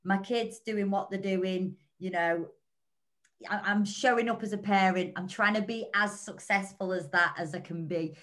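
An earnest woman co-hosting a podcast, thinking out loud and circling back through restarts. Her pitch sits in an ordinary middle range for a woman. She talks the way you would in a relaxed chat between friends. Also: normal speed. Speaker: podcast co-host. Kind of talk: reflective casual chat.

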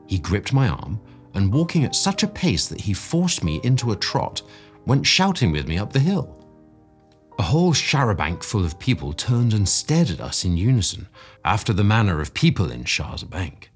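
Deep husky guy reading an old story, voice goes up and down a lot. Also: soft background music. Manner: measured, expressive storytelling. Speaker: story reader. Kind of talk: audiobook narration.

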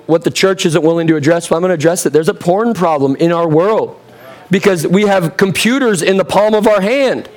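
A man in his thirties preaching a sermon in a direct, conversational way, asking the crowd questions, his voice getting a bit hoarse. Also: high-pitched. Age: 30s. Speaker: pastor.

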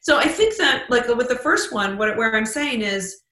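A bright, forceful woman speaking as a guest on a podcast. She talks with lively emphasis and slips into little acted-out exchanges to make her points. Her voice rings in a roomy space. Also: on the high side, normal speed. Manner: animated, emphatic, acts out example dialogue. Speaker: author and guest. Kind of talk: podcast interview.

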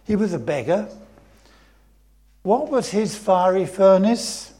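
Slow, emphatic preacher. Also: male voice, high-pitched, expressive, warm tone. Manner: storytelling preaching, reads scripture aloud, repeats phrases for emphasis. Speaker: pastor. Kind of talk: sermon. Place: church.

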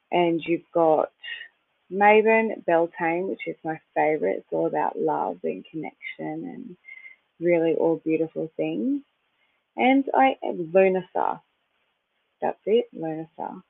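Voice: mid-range voice, slow, vocal fry, long pauses, no echo. Rambling chatty host on a tinny line. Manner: rambling, chatty, loses track and restarts; occasional swearing. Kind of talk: casual spiritual talk. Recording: dry, tinny phone-like sound.

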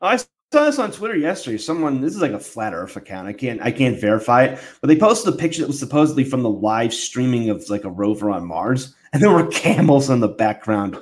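A man's voice: medium pitch, sing-song, brisk, few pauses. A man hosting a casual podcast, wry and sarcastic. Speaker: host.

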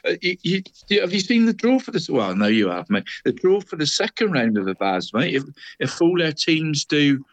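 A man's voice: fairly high pitch, normal speed, dry recording. Chatty man who keeps saying "mate". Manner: chatty, says "mate" constantly, apologetic and excitable. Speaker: co-host of a local football podcast. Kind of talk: casual chat.

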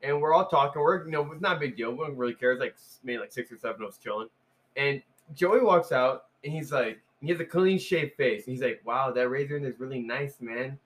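A man's voice: mid-range voice, expressive, fairly quick. A young man telling loose, slangy stories in a casual chat, laughing often.

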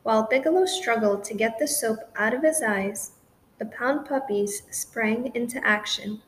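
A woman narrating a children's storybook in a gentle, clear reading style. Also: on the high side, unhurried, slight background noise, low-quality recording.

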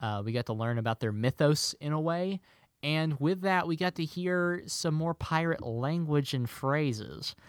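Male podcast co-host, playful quizmaster, mid-pitched, dry close sound. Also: expressive, measured pace, clean tone, no echo. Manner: playful, quizzing with a hammy pirate delivery. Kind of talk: casual movie podcast chat.

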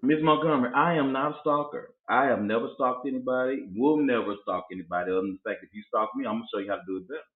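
A man's voice: medium pitch, racing, few pauses. A man hosting a casual chat show, telling stories with animation and acting out other people's voices. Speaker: podcast host. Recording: tinny phone-like audio in an echoey room.

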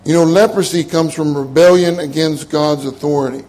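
A man's voice: a little high, steady tone, moderate pace, darkish tone. Older man preaching a conversational sermon. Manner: conversational, repeats key phrases, laughs at his own jokes.

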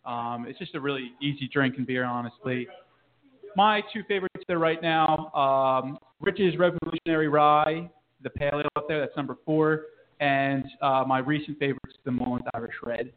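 Hesitant brewery worker, tinny sound. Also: male voice, a little high, normal speed. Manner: hesitant, many fillers. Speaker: brewery staff member. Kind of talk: casual explanation. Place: brewery bar.

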